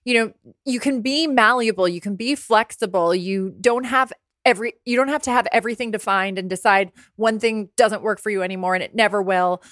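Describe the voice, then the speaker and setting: A woman's voice: medium pitch, brisk, a bit bright, dry recording, clean studio sound. A woman in her forties hosting a podcast, talking candidly and casually, with the odd swear word. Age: 40s. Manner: candid and conversational, swears freely. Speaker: podcast host. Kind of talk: casual solo podcast talk. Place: apartment by the ocean.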